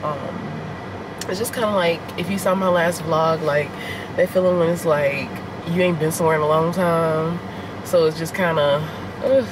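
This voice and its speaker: A woman's voice: low voice, steady tone, normal speed, background noise. A woman vlogger chatting candidly and rambling straight to her viewers from inside a car. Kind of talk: casual self-filmed vlog chat.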